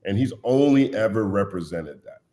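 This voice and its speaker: Podcast guest, male, low-pitched, blunt and animated storyteller. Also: moderate pace. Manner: animated, blunt storyteller, puts on voices when quoting. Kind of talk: casual podcast chat.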